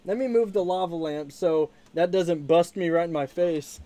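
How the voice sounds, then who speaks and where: An upbeat man with a higher-than-usual voice hosts a casual live stream from a room at home. He talks to his viewers in a chatty way, with plenty of fillers, and keeps thanking them. His voice comes from a camera mic set some distance away. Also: normal speed, dark tone. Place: home room with plush pile.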